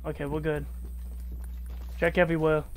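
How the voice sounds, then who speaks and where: A man's voice: on the high side, normal speed, a crowd in the background. A man chatting and swearing while playing a shooter game with friends, calling out orders to his squad. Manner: excitable, swears often, shouts to the team. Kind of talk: casual gaming chat over voice.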